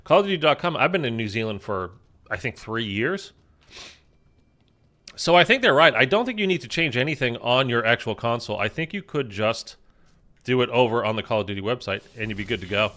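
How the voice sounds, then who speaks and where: Guy rambling over his zombies gameplay, bright voice, lots of ums and likes. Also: mid-range voice, expressive, a little fast. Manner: chatty, rambling, lots of fillers. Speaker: gaming YouTuber. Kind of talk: casual gameplay commentary.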